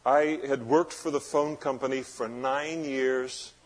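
A man preaching a sermon as pastor, moving between loud emphatic passages and low, quiet explanation. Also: fairly even intonation, slow.

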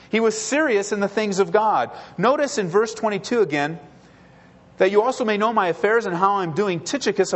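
A male pastor preaching a sermon in an earnest way, repeating phrases for emphasis and acting out quoted prayers and replies. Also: sits high.

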